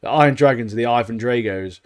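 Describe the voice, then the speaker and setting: A man co-hosting a podcast, chatting casually and excitably, laughing often and using lots of slang. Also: mid-range voice, quick pace, no room sound, clean studio sound. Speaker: podcast co-host. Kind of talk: casual chat.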